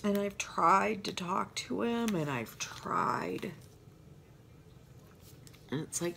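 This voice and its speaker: A woman's voice: mid-range voice, animated, slow pace, gravelly, long pauses, bright, forceful tone, slight background noise. An older woman, a grandmother, chatting in a rambling, heartfelt way on her planner vlog while she decorates pages. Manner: rambling, heartfelt, trails off into asides. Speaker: planner vlogger.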